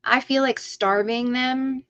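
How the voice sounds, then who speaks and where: Slow ranting woman, lo-fi stream audio. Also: sits high, steady tone, a bit bright, smooth. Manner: heated, ranting, swears freely. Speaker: livestream host. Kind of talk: ranting livestream talk.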